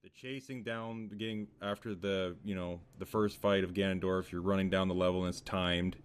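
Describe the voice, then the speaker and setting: A man co-hosting a casual podcast chat, swearing freely as he tells animated stories. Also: low-pitched, normal speed, smooth. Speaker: podcast co-host.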